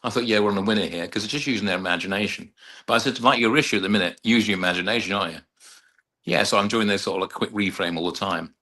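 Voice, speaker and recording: A middle-aged man talks in a lowish but forceful, bright voice. He rambles through stories about his clients, slipping into their voices as he goes. It sounds like a relaxed interview chat. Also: rapid-fire. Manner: rambling storyteller who acts out client dialogue. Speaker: hypnotherapist and mind coach, guest. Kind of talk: casual anecdotal interview talk.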